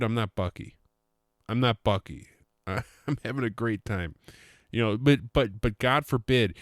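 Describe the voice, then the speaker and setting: A man hosts his own casual solo podcast, speaking in a fairly low, clean voice with studio-quality sound and no room echo. He rambles and jokes, often cutting himself off mid-sentence.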